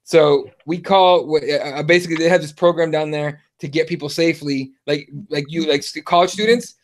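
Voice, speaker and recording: High-voiced cursing podcast host. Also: male voice, brisk. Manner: profane, rambling, lots of fillers. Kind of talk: casual chat, storytelling.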